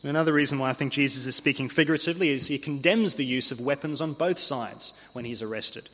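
A man preaching an earnest expository sermon, slowing down to read scripture aloud. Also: medium pitch, a bit bright. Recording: long hall reverb.

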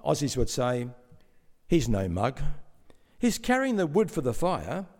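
A man preaching a sermon in a measured, explanatory way, with some stammering restarts. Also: mid-range voice, huge pitch swings, darkish tone. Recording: long hall reverb.

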